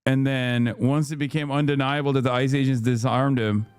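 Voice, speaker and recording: A man's voice: mid-range voice, fairly even intonation, moderate pace, a little mellow, clean tone. A man hosting a live stream, reacting to clips in heated, blunt, profane and mocking commentary. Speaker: streamer host.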